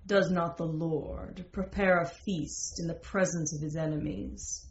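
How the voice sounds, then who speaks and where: A woman voicing a joyful medieval man who speaks in solemn, scriptural phrases, slightly lower than her narration, in a roomy, slightly dull recording. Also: fairly even intonation, measured pace, slight background noise. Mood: exultant. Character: joyful, devout-sounding medieval male lover.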